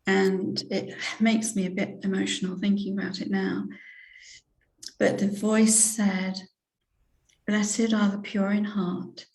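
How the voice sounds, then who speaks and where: Older English woman, sixties, reverend giving testimony; unhurried, halting, heartfelt; mid-pitched; reverberant room sound. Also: a little mellow. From England. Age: 60s. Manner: slow, hesitant, heartfelt, with many fillers and restarts. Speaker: reverend, interview guest. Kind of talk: personal spiritual testimony in an interview. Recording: roomy echo.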